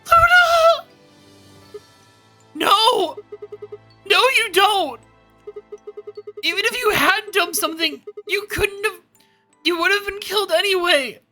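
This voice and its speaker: A woman voicing a frantic young game hero, shouting and pleading in a bright, sharp voice. Faint lo-fi music plays behind. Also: very high-pitched, animated, takes it slowly, pauses often, voice pushed up, full character voice. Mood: desperate. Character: desperate young man crying out for a friend. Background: faint lo-fi background music.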